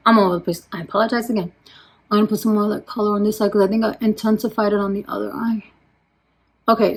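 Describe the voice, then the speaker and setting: A woman beauty vlogger chatting casually as she applies makeup, stressing her points with slow repetition and dropping to a quiet murmur when she turns to her products. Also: mid-range voice, rough recording. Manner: emphatic, repeats points, slows down for emphasis. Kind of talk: casual chat while doing makeup.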